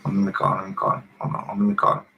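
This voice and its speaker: A man in his fifties, a former boxer and podcast guest, telling animated stories in a casual interview and often clearing his throat. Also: low voice, rapid-fire, muffled recording, slight background noise. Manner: animated storyteller who acts out quoted voices.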